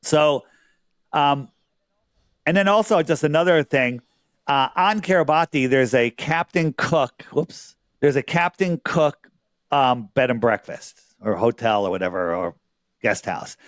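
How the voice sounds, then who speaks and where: A man's voice: mid-range voice, unhurried, no room sound, studio quality. A man being interviewed as a guest. He talks casually and earnestly, explaining things on his screen and checking in often with rhetorical questions.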